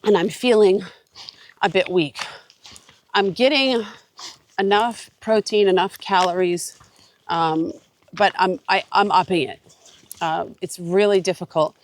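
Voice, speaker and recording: A woman with a congested voice, chatting casually and rambling with many fillers while vlogging on an outdoor forest trail. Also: lowish voice. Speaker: hiking vlogger. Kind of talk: casual vlog talk while hiking.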